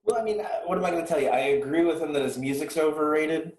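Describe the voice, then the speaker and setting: A man's voice: a little high, fast talker, a little mellow, echoey room, a little hiss or hum, low-quality recording. A man co-hosting a music podcast, ranting sarcastically and swearing freely in casual chat. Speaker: podcast co-host.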